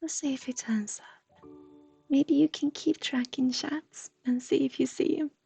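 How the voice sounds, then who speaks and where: A woman giving a gentle, half-whispered livestream psychic reading. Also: high voice, steady tone, measured pace, creaky, faint music behind. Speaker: intuitive reader.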